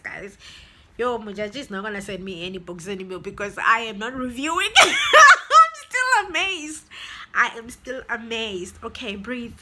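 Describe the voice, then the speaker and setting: A woman with a Zimbabwean accent giving an excitable, gushing book review vlog, with laughing, breathless asides. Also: mid-range voice, heavy background noise.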